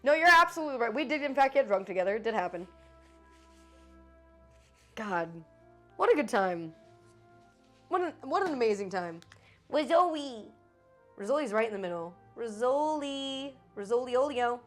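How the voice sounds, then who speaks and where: A woman's voice: a little high, very animated, normal speed, long pauses, a bit bright, faint music behind. A woman streamer in casual live chat with her viewers, swearing freely and swinging between joking and apologizing.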